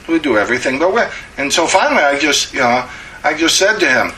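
Middle-aged man, Bible study teacher; bright, slightly high voice, chatty sermon delivery with "uh" restarts; faint noise behind. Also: animated, quick pace, low-quality recording. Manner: conversational, with frequent "uh" restarts and rhetorical questions.

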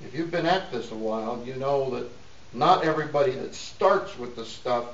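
A man's voice: medium pitch, normal speed, a little hiss or hum. A middle-aged man preaching a sermon in a folksy, joking way, laughing often between points. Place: church. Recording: echoey dull room sound from a distance.

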